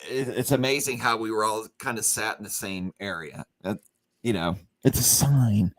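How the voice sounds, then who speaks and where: A man hosting a company livestream, telling a rambling story full of fillers and restarts and acting out the quotes. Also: moderate pace. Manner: acts out quoted lines with big pitch jumps. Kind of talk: casual storytelling chat.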